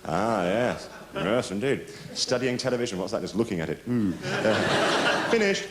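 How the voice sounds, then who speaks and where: A man's voice: on the low side, very animated, normal speed. A man hosting a stand-up night, introducing acts with jokey banter. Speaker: compere. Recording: echoey stage, loud crowd.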